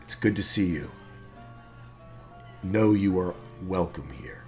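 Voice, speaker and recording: A man voicing a kind human father and trader in a tabletop game, speaking in a gentle, soothing way. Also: on the low side, lively intonation, measured pace, faint music behind. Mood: tender.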